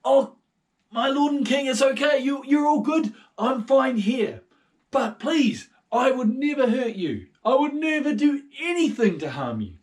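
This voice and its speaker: A man voicing an earnest young hero, loud and insistent. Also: very high voice, lively intonation, unhurried, recorded from a distance, voice pushed up. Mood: reassuring.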